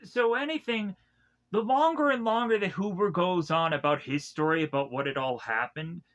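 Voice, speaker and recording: A man with a bright, tense, somewhat high voice recaps anime episodes in a loose, rambling way, restarting his sentences often. He keeps slipping into quick, animated impressions of the characters as he goes. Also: highs cut off. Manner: rambling, loosely retells scenes with many restarts. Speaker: anime reviewer.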